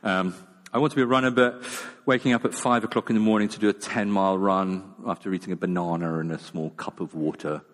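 A man's voice: low-pitched, steady tone, fast talker. A man preaching a sermon in a casual, self-deprecating manner, with many fillers and restarts. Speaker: pastor. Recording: long reverb of a large hall.

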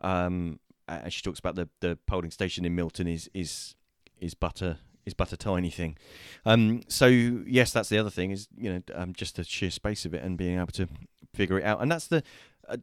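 Deep-voiced hesitant man. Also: fairly quick, hardly any pauses, clear, resonant tone, dry recording, clean studio sound. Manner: hesitant, many fillers and restarts. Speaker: host. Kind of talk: casual discussion show. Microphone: remote call.

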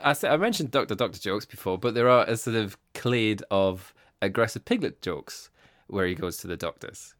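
A man's voice: fairly low pitch, animated, moderate pace, a bit bright, dry recording. A man co-hosting a casual chat, telling jokes in a playful, self-mocking way and laughing often. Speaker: podcast co-host.

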